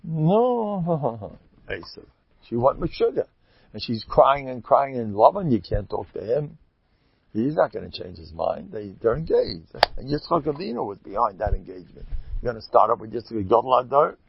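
A man giving an informal Torah talk, lively and emphatic, often jumping up high in pitch for emphasis. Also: fairly quick, gravelly, slightly rough, lo-fi sound. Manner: animated, jumps to high excited pitch for emphasis, laughs. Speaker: Hasidic teacher.

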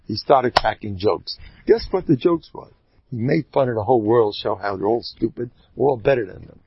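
A man, giving an animated Torah lecture. His gravelly, husky voice swings widely in pitch as he tells stories. The recording is dry and dull, lo-fi. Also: no room sound. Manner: animated storyteller, jumps between Hebrew terms and English slang. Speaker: rabbi giving a class.

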